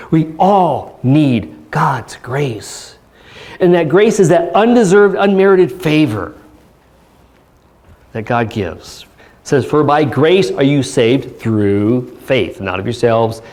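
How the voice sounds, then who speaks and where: A man pastor giving a church sermon, speaking earnestly with pauses and reading scripture aloud. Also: mid-range voice, darkish tone. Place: church service.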